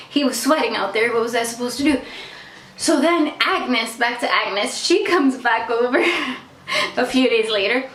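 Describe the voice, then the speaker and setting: A woman telling a casual storytime vlog, chatty and animated, swearing freely and saying "like" a lot. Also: a little high. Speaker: vlogger. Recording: echoey room, mic at a distance.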